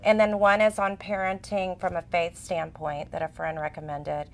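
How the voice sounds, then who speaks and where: A woman in her forties, co-hosting a casual chat as an expressive, chatty storyteller. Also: on the low side, normal speed. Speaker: co-host.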